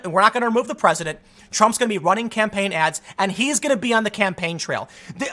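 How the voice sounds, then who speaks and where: Male commentator, bright and edgy tone, lively swooping pitch, indignant rant delivery with stumbling restarts. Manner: emphatic and indignant, repeats words as he restarts. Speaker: political commentator, show host. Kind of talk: heated political commentary monologue.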